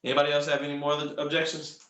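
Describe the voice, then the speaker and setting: A man's voice: a little high, monotone, rapid-fire, a bit bright, far from the mic, highs cut off. A man coaching a group call in an upbeat, punchy way, repeating phrases for emphasis. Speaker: sales coach. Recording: roomy, from off the mic.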